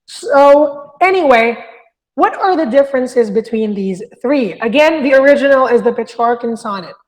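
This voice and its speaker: A woman's voice: on the high side, animated, moderate pace. A woman teaching a literature review lesson, explaining step by step and often checking in with "okay?". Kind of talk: recorded lecture. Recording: long hall reverb.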